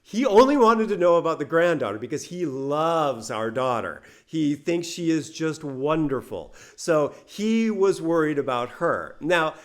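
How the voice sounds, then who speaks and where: A man's voice: on the high side, very animated, measured pace, hardly any pauses. A middle-aged man casually telling a personal story to English learners, chatty and laughing between phrases.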